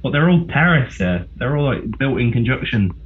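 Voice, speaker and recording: A man's voice: medium pitch, sing-song, moderate pace, phone-quality sound, a little hiss or hum. A young English man in casual chat, blunt and teasing. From England.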